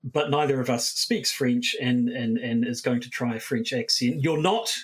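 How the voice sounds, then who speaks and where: A man's voice: mid-range voice, fairly even intonation, moderate pace, husky. A man with a New Zealand accent co-hosting a casual podcast, rambling and repeating his words. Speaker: podcast co-host.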